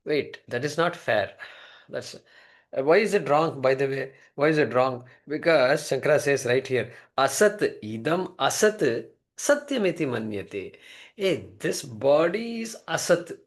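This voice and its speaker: A man's voice: mid-range voice, lively intonation, measured pace. A man giving a classroom lecture on a Sanskrit text, explaining word by word and posing rhetorical questions. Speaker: scripture teacher.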